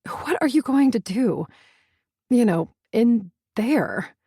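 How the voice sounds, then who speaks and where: A woman voicing a fussy, wealthy middle-aged mother who speaks in a breathy, prim and disdainful way. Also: a little high, sing-song, slow pace, mellow, no echo, clean studio sound, pitched above the performer's own voice, exaggerated voice. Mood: uneasy.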